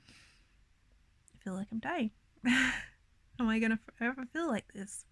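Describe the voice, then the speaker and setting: A woman's voice: fairly high pitch, lively intonation, measured pace, no echo. A young woman vlogging to camera, rambling and emotional, near tears, with many fillers. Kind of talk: casual confessional vlog.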